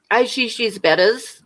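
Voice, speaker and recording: A woman's voice: high voice, sharp tone, husky. Brief: woman livestreamer, casual chat, rambling anecdotes, frequent laughs, asides to chat. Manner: rambling storyteller, laughs often, talks to chat.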